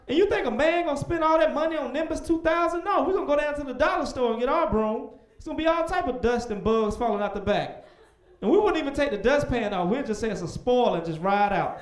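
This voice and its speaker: Young male stand-up, high voice that swings wide, echoey club room. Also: fast talker. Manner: animated, with loud shouted voices for punchlines. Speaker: stand-up comedian. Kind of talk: stand-up comedy set. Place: comedy club stage.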